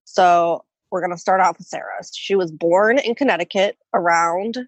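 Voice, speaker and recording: A woman's voice: lowish voice, normal speed, no room sound, highs cut off. A woman co-hosting a podcast, playful and self-mocking in casual chat. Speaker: podcast co-host.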